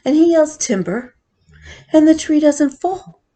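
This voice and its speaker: A woman's voice: high-pitched, fairly even intonation, normal speed, dark tone. A woman chatting casually on her cross-stitch vlog, rambling with fillers as she tells a story.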